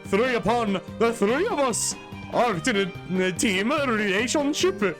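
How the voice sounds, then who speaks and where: A woman's voice: a little high, expressive, unhurried, music in the background. A woman voicing a pompous, archaic-talking male villain creature from a game. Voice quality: mock-archaic, grandiose.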